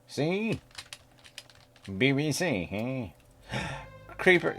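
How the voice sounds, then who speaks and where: A man's voice: mid-range voice, very animated, moderate pace, soft background music. A man casually chatting while streaming a game, playful and talkative, teasing the creatures on screen. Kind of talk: casual gameplay stream chat.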